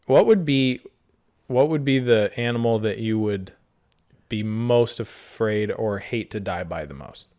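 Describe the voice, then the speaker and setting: A man's voice: fairly low pitch, a little slow, darkish tone. A man co-hosting a podcast in crude, joking casual chat, laughing easily. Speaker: podcast co-host.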